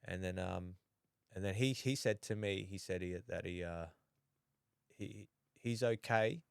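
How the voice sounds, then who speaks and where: Hesitant Australian man, smooth low voice. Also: dry recording, clean studio sound. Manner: halting, many restarts and fillers. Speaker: podcast guest. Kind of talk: casual chat.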